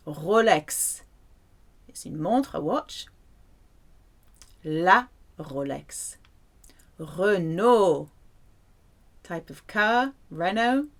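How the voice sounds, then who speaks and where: A woman teaching a French lesson in a playful way, saying the French words slowly and clearly. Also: medium pitch. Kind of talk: language lesson to camera.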